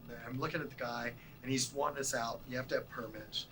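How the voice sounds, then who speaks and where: A middle-aged documentary producer teaching a masterclass, telling stories from shoots with lively acted-out dialogue and sudden drops to near-whispers. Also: male voice, mid-range voice, a little fast, a little hiss or hum, low-quality recording. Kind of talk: animated storytelling lecture.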